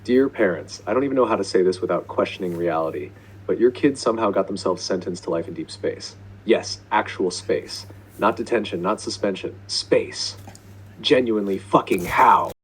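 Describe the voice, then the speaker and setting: A man with a very deep, low voice reads out furious letters to parents. He is deadpan, exasperated and profane. There is a faint hum of ambience behind him. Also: moderate pace, low-quality recording. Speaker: school principal character writing to parents. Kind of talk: comedic deadpan email narration.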